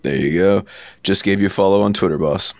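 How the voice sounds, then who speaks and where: A man hosting a casual interview and asking his guest friendly, relaxed questions. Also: low voice, a little fast, no room sound. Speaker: podcast host.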